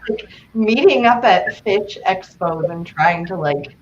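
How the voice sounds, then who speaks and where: A woman telling a story in an animated way, her voice bouncing up and down in pitch as she laughs and acts out what people said. The sound is dull and lo-fi, with a faint hiss behind it. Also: takes it slowly. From grew up on a horse farm. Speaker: co-host. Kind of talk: casual chat.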